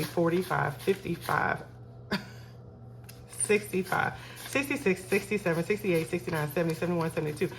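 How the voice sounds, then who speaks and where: A budgeting vlogger with a lowish, fairly bright voice chats casually with her viewers, calling them "y'all" as she counts cash aloud for her budget. There's slight background noise.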